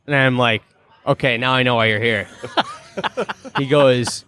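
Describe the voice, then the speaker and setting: A man's voice: medium pitch, a little slow, long pauses, clear, resonant tone. A man in his thirties from Minnesota with a Minnesotan accent, a hockey player telling stories in a casual chat and acting out the people he quotes. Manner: animated storyteller acting out quotes. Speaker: guest, pro hockey player.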